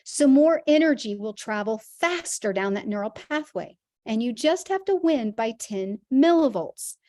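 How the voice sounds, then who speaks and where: A woman's voice: on the high side, animated, measured pace, a little mellow. A woman teaching a Christian health class, earnest and emphatic, using vivid everyday examples.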